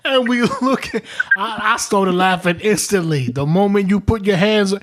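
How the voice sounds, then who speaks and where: A man's voice: high voice, normal speed, a bit bright. A man hosting a podcast, telling a story in casual chat, laughing constantly, swearing, and repeating himself. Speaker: podcast host. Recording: faint background noise.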